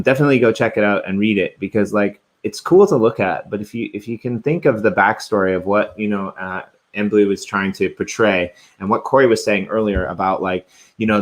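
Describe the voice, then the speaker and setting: A young adult man co-hosting a casual show, telling stories in an upbeat, chatty way. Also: on the low side. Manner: eager storyteller, upbeat and chatty. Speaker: co-host. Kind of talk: casual podcast chat.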